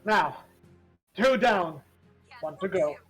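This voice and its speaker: A man's voice: high-pitched, animated, slow pace, fairly bright tone, slightly rough, soft background music, heavily acted. A man voicing a smug, theatrical male farm animal who speaks grandly.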